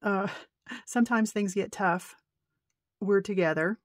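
A woman's voice: medium pitch, a little slow, no room sound, clean studio sound. Gushing, rambling woman crafter. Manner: excitable, gushing, rambling and tongue-tied. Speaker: paper-crafting vlogger. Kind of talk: casual show-and-tell chat.

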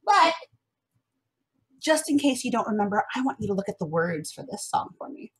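In a home recording, a young woman teaches music remotely to first graders with a bright, encouraging, sing-song delivery and slight huskiness. She speaks at a medium pitch and a moderate pace, with big swings in pitch.

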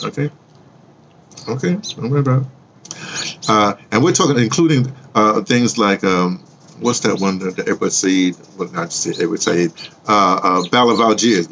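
Low gravelly man rambling casually. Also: a bit bright, slight background noise. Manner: meandering, with many restarts and teasing questions to viewers. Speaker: vlogger and audio drama producer. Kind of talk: casual rambling monologue to camera.

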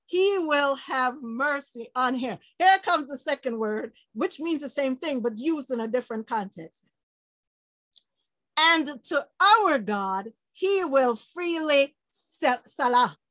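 A woman preaching an informal online sermon, lively and laughing often, acting out quoted people with sudden shouts and low murmurs. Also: dry recording. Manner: quotes people in acted voices.

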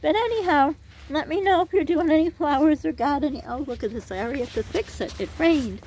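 A woman's voice: high-pitched, fast talker, darkish tone. A middle-aged woman chatting in a rambling way while gardening outdoors for her vlog, out of breath. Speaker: vlogger.

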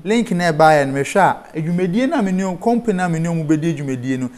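A man's voice: on the high side, animated, fairly quick, darkish tone. A man with a Ghanaian accent, a guest on a studio interview, explaining online safety step by step and spelling terms out letter by letter. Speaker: cybersecurity guest.

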